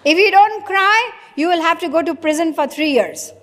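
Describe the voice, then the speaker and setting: High-voiced woman lecturing in a hall. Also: expressive, moderate pace, hardly any pauses, fairly bright tone. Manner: rhetorical questions, acting out imagined dialogues. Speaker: spiritual lecturer. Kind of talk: philosophy lecture to an audience. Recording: long hall reverb.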